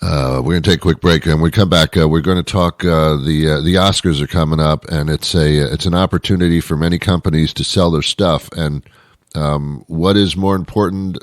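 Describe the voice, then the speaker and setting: A deep-voiced man hosts his talk show, riffing sarcastically and rambling from one gripe to the next. The sound is dry and close, with no room around it. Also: a little fast, no echo. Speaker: radio show host. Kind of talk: casual comic monologue.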